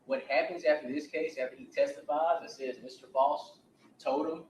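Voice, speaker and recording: In a courtroom, a male defense attorney gives his opening statement to the jury, retelling events and acting out the quoted dialogue. His slightly high, somewhat mellow voice moves at normal speed with fairly even intonation. The audio is echoey and distant, with slight background noise.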